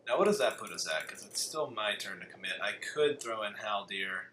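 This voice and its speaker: Bright-voiced jokey male game host. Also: on the low side, lively intonation. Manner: jokey, reads rules aloud briskly. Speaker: game host reading card rules. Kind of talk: casual tabletop game podcast. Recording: echoey room with faint background hiss.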